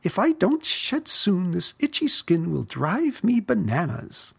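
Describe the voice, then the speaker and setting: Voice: mid-range voice, wildly swooping pitch, normal speed, gravelly, a bit bright, slightly rough, voice pushed up, exaggerated voice. A storyteller voicing a fussy, whining old female snake in a storybook.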